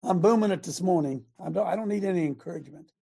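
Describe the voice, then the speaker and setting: An older man hosting a talk radio show, delivering a fiery, repetitive preachy rant that rises to shouts. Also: sits high, fast, creaky, husky.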